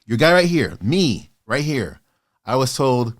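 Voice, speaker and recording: A man in his fifties hosting his own motivational vlog, talking in a passionate, fired-up way with sudden loud bursts. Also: mid-range voice, big pitch swings, slow pace. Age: 50s. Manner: acts out doubters in quoted asides. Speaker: author and channel host.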